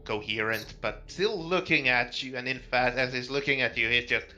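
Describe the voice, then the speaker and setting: A man narrating as game master, pausing and searching for words as he goes. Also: mid-range voice, bright, forceful tone, faint music behind.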